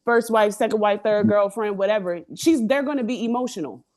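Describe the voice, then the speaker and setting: A woman's voice: mid-range voice, brisk, darkish tone. A woman on a discussion panel who rambles and restarts as she builds up a long question. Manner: rambling, repeats openings while building a question.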